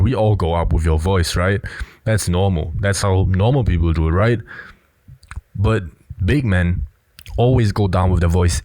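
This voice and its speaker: A man's voice: on the low side, darkish tone, no echo. A man giving blunt, assertive casual commentary on a film clip, often filling with "you know". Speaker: body language commentator.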